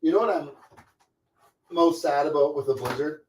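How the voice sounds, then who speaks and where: A man's voice: on the high side, normal speed, a little hiss or hum. A man hosting a casual live stream from home, rambling chattily, greeting viewers by name and laughing often. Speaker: livestream host.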